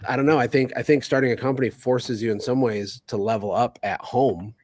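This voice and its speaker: Male podcast guest, phone call sound, dry, sarcastic, energetic. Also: medium pitch, dry recording. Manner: sarcastic, energetic, rapid asides. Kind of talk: casual chat.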